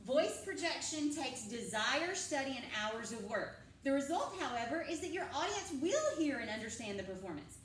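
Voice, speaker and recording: A sing-song, high-pitched woman's voice moves at a moderate pace with hardly any pauses as she quizzes her drama students and repeats their responses. Slight background noise accompanies the echoey classroom, recorded from a distance.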